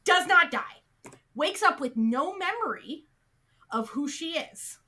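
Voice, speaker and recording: A chatty woman co-hosting a casual podcast, retelling a show with animated energy. Her voice sits high and sounds bright, and she fills her sentences with "like". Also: takes it slowly. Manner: animated, chatty, heavy use of "like". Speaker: podcast co-host. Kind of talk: casual chat recapping a TV show.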